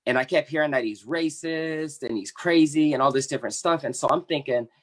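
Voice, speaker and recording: A man in his thirties, a membership coordinator for an activist group, telling his personal story on an online panel in an earnest, impassioned way, with halting restarts. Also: on the high side.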